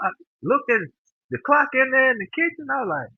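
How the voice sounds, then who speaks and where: A man's voice: high voice, a little fast, husky, no echo. A man guest telling a long story in casual slang, acting out the voices of the people he quotes. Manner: animated, acts out quoted dialogue; relaxed informal slang. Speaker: podcast guest. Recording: dry, phone-like narrow sound.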